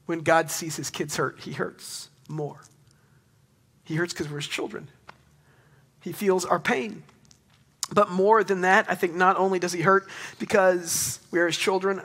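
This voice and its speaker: A man's voice: high-pitched, gravelly, fairly bright tone, husky. A young man preaching a sermon to a congregation, earnest and conversational, with emphatic rising questions. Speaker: pastor.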